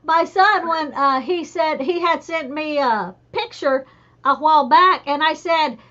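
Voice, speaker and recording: A middle-aged woman hosting a casual chat, telling animated stories. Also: sits high, a little slow, dull audio. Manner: chatty, animated storyteller. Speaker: host.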